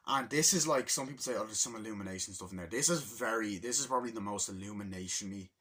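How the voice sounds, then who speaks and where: A young man giving a rambling, excitable spoken movie review, acting out scenes from the film. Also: quick pace. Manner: rambling, excitable, acts out scenes in high voices.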